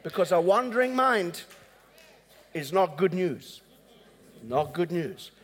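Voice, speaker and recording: A man's voice: high-pitched, big pitch swings, slow pace. A man pastor preaching a sermon in a conversational way, acting out dialogues and chuckling at his own asides. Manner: acts out both sides of dialogues. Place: large church hall. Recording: long hall reverb.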